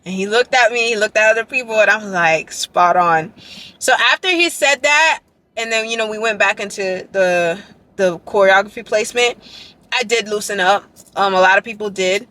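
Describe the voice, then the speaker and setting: A young woman telling a rambling, excited story to her camera in a casual vlog. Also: brisk. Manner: excited, rambling, quotes others in a lowered voice. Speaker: dance vlogger. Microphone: handheld camera.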